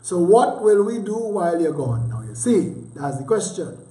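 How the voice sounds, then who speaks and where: A man's voice: high-pitched, sing-song, moderate pace, mellow. A Trinidadian man hosting a livestream, chatting casually with teasing, sarcastic asides and heavy dialect. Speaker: livestream host. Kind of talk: casual rambling commentary. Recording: roomy echo.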